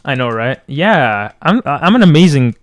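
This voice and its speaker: A young man streaming from home on a close boom mic, rambling and joking as he answers chat. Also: sing-song, moderate pace, dry recording. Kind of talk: casual live-stream chat. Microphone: boom mic close to the mouth.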